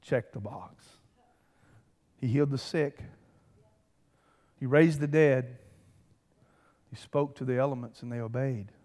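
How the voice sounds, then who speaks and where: A man's voice: medium pitch, unhurried, long pauses, darkish tone. A man preaching a sermon as pastor, swelling with emphasis and calling out to the congregation. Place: large church sanctuary. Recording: long reverb of a big hall.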